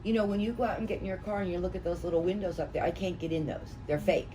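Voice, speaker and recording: A woman's voice: lowish voice, rapid-fire. A middle-aged woman running a real estate training session, telling folksy stories to a small group. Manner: folksy, anecdotal, chatty storytelling. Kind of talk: classroom training talk. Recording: distant mic with room noise.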